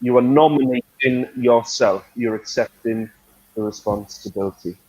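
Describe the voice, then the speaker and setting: A man teaching business English, explaining slowly and checking in with the learner. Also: mid-range voice, fairly even intonation, a little mellow, husky, low-quality recording. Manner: joking, checks understanding with "yes?". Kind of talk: friendly lesson explanation.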